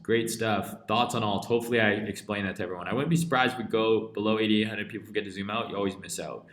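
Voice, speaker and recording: A Canadian man talks in a casual, profane live-stream rant, blunt and unfiltered. His voice sits on the low side. The room around him is echoey. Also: fairly bright tone. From rural interior British Columbia, Canada. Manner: blunt and profane, heavy swearing. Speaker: crypto trading live streamer.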